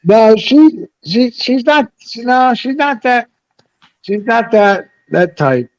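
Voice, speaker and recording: A man's voice: extremely high pitch, big pitch swings, slow pace, no echo. A man in a casual live chat, telling stories in a blunt, profane, rambling way. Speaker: panel host.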